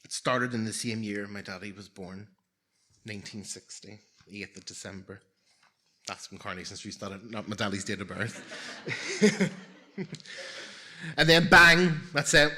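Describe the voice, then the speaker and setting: A man's voice: fairly low pitch, moderate pace, long pauses, bright, forceful tone, a little hiss or hum. A man in his forties telling a personal story live on stage, with wry, self-mocking humour and comic timing.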